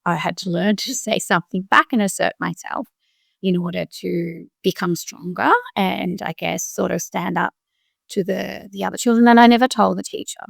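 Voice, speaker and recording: Gravelly low-voiced woman, reflective. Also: steady tone, normal speed, no room sound, clean studio sound. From Australia. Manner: reflective, speaks in short restarting phrases. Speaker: guest, doctor. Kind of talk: interview conversation.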